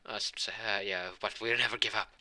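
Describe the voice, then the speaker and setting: Rambling man with a sharp, bright voice. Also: on the low side, steady tone. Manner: rambling, halting delivery with many restarts; voices the characters' lines in his own voice. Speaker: fan fiction storyteller. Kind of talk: improvised fan fiction storytelling.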